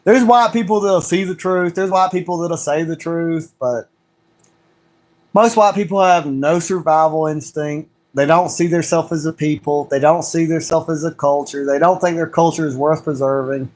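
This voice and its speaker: A man's voice: on the high side, steady tone, moderate pace, darkish tone. A man hosting a solo livestream, talking in a heated rant full of repeated rhetorical questions. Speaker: livestream host.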